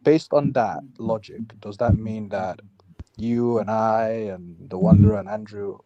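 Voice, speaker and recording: A man's voice: fairly low pitch, a little slow, dark tone, dry recording, highs cut off. A man hosting a livestream discussion on a video call. He asks probing questions, restates the other person's points back to them and cracks jokes. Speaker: livestream host.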